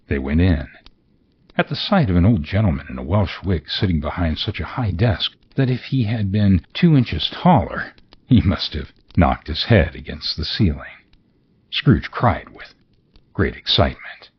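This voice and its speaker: Very deep, husky male audiobook narrator. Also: a little slow, muffled recording. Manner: expressive, theatrical reading. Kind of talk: scripted narration.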